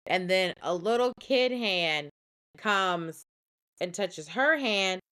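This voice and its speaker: Woman co-host with a bright, sharp voice, casual and expressive in a podcast recap. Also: mid-range voice, slow.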